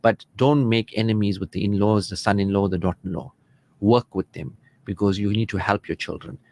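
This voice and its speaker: A man's voice: lowish voice, fairly even intonation, a little fast, a little mellow. Guy doing marriage advice on the radio, earnest, chatty, talks like he's in the studio with you. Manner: earnest and conversational, acts out quoted spouses. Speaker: marriage counselor on a radio programme.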